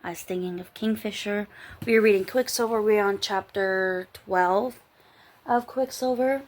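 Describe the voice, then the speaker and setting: Tired woman rambling slowly. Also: mid-range voice. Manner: rambling, giggly, trails off and restarts. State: tired, late at night. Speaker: book vlogger. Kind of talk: casual book review chat.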